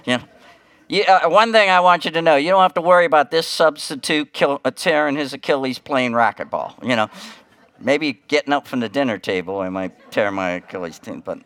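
A man's voice: medium pitch, a little fast, fairly bright tone, no room sound. A middle-aged man preaching as a guest pastor, in a folksy, chatty way with many asides and restarts. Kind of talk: conversational sermon with humor.

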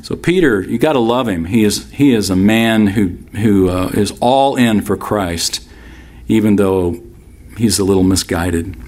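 A man's voice: lowish voice, a little slow, a little mellow. A man preaching a sermon, reading scripture aloud and explaining it in a conversational, expository way. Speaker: pastor.

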